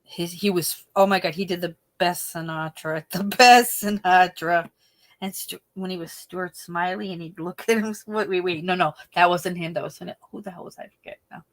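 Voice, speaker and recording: Woman, casual livestream host, chatty and animated with frequent laughs. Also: moderate pace. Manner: chatty, animated, laughs often, trails off into sad lows.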